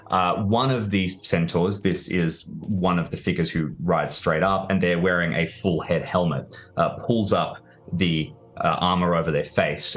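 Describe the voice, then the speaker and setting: A man's voice: deep voice, a bit bright. A man running a tabletop role-playing game as game master, narrating the scene with descriptive, filler-laced speech.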